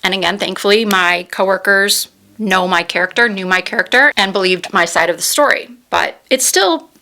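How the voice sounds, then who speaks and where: A woman's voice: medium pitch, moderate pace, sharp tone. A woman in her forties telling a heartfelt personal story while doing her makeup, close to tears as she recalls it. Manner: earnest, heartfelt retelling. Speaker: beauty vlogger.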